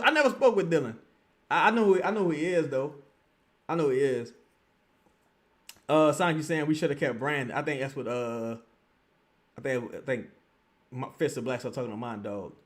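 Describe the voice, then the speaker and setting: A man hosting a casual livestream, reading viewer comments and talking loosely and profanely, jumping between loud outbursts and low mutters. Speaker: livestream host.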